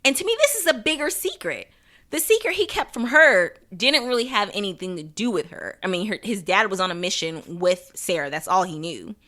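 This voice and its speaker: A woman's voice: medium pitch, animated, fairly quick, bright, forceful tone. A young woman hosting a podcast, chatting casually through an episode recap, laughing often and acting out quotes. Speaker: podcast host.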